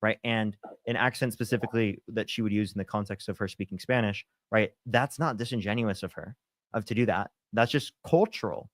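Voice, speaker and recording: A man's voice: fairly low pitch, a little fast, no echo, clean studio sound. A man hosting a live debate stream, pressing his guests with challenges. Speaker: debate host.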